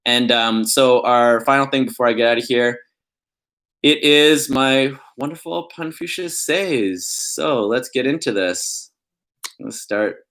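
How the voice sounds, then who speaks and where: A man's voice: mid-range voice, measured pace, a bit bright. Young male vlogger, casual and playful, laughs easily, hams up jokes. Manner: playful, giggly, reads puns in a put-on emphatic voice. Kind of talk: casual vlog chat.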